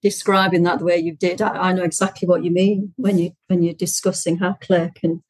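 A woman therapist speaks as an interview guest in a measured, encouraging manner. Her voice sits fairly low for a woman. The recording is dry and close. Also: little pitch movement, dry recording, poor audio. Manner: measured, explanatory, encouraging, frequent agreeing murmurs. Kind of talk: interview answers.

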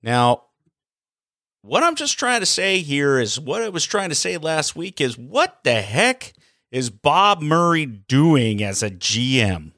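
A man giving a casual, animated opinion rant as a hockey vlogger, full of sarcasm and rhetorical questions. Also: fairly high pitch, takes it slowly, no room sound, clean studio sound.

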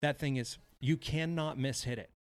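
A man co-hosting a podcast, telling a golf story in casual chat, animated and profane, acting out what people said. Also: fairly high pitch, moderate pace. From Wisconsin. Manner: animated, profane, acts out quotes. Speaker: podcast co-host.

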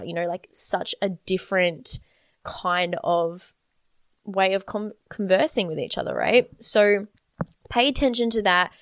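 A woman's voice: medium pitch, a little slow, dry recording, studio quality. A woman, talking as a relationship coach in an earnest, flowing coaching monologue with casual swearing.

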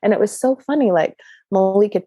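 A woman telling personal stories in conversation, animated and laughing often. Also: mid-range voice, brisk, husky, dry recording. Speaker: guest. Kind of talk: conversational storytelling.

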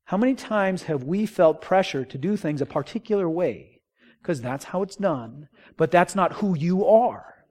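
A man's voice: sits high, a little slow. A man preaching a sermon as a pastor, informal and joking, telling stories with voices for the people in them. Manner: animated storytelling with acted-out quotes.

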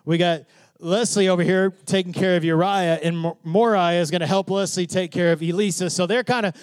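A man's voice: high-pitched, steady tone, brisk, smooth, dry recording. A pastor preaching to his congregation, asking questions and building to fervent emphasis. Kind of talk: sermon.

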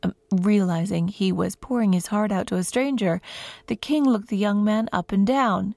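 A woman guest storyteller telling a folk tale to children in an expressive, lilting way, close to the mic. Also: mid-range voice, normal speed, creaky, no echo.

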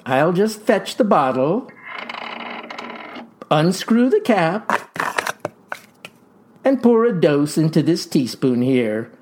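A man's voice: big pitch swings, takes it slowly, pauses often, background noise. A man doing a pompous stern farm father. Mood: stern lecturing. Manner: stern, pompous, high-flown lecturing.

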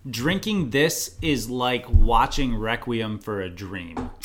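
A man's voice: mid-range voice, expressive, takes it slowly. A man co-hosting a casual beer-tasting podcast, making dry, joking exaggerations. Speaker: podcast co-host. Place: home studio in Chicago.

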